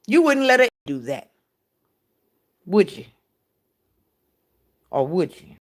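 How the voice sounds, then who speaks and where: Lively, frank woman hosting a spiritual talk. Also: lowish voice, slow. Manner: frank and profane, with rhetorical questions to listeners. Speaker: podcast host.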